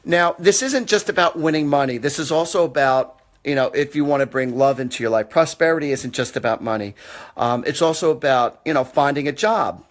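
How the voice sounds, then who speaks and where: A man's voice: medium pitch, a little fast. A man hosting a live-stream psychic reading show, chatty and joking, with casual swearing. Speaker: psychic medium host.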